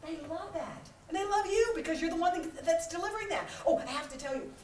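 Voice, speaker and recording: A middle-aged woman delivers a motivational keynote with a high voice that swoops up and down. She plays out small scenes with laughter. She is heard from a distance in an echoey hall. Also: fast. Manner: animated and humorous, acting out little scenes with laughter. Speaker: keynote speaker. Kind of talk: motivational conference talk. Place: large conference hall.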